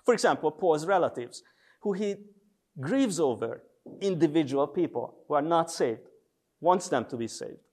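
A man lecturing on theology in a measured, deliberate way, with frequent hesitation sounds. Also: a little high, lively intonation, darkish tone. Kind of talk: theological lecture with scripture readings.

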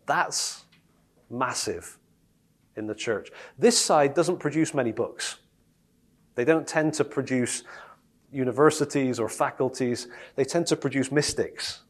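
Male preacher, casual and animated, mid-pitched, heavy on rhetorical questions. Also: a little slow, long pauses. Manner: lively, conversational, asks the audience rhetorical questions. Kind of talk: sermon.

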